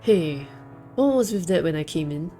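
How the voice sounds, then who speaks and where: A woman voicing a brash young male pigeon tough in a visual novel, speaking bluntly and loudly. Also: deep voice, expressive, normal speed, soft background music.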